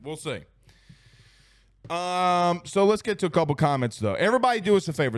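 A young man hosts a late-night sports talk stream from home, speaking fairly quickly in a high voice with big pitch swings. The recording is dry and studio quality as he reads viewer comments in a laid-back, slangy way, repeating his phrases.

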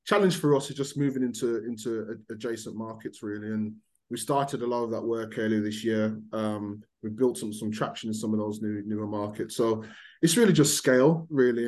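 A man's voice: on the low side, steady tone, brisk, a little mellow. Businesslike man with a mild Birmingham accent. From Birmingham, England. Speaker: startup founder guest. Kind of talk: casual podcast interview.

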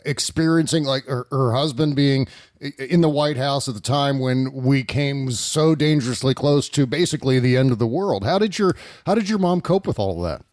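A man hosting an interview, talking casually and often pausing on "uh". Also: medium pitch, darkish tone, no echo, studio quality. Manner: casual, hesitant with many "uh" fillers. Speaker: podcast host.

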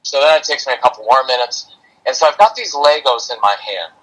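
A man's voice: medium pitch, brisk, rough recording. A middle-aged man, a parenting coach, telling a personal story in a podcast interview and acting out what he and his son said. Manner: animated, acts out quotes of himself and his son.

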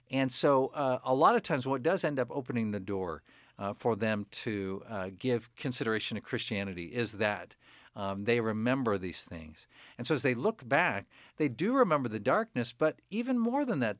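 A man, a pastor guest in an interview, telling stories earnestly with frequent pauses and fillers. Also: mid-range voice, dry recording, clean studio sound. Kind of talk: conversational interview.

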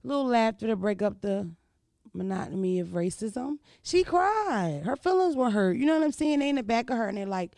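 Brisk and expressive, a woman in her thirties speaks in a medium-pitched, gravelly, darkish voice, with clean, echo-free studio sound. She's a vlogger telling stories in a casual, blunt, profane style, constantly adding "you know what I mean."

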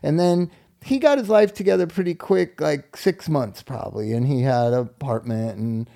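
A man's voice: on the high side, moderate pace, vocal fry, mellow. A man telling a long, rambling story in casual chat, laughing often and swearing freely.

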